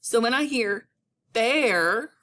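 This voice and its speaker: A woman teacher giving a patient phonics lesson, stretching words out slowly for her students. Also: medium pitch, a bit bright.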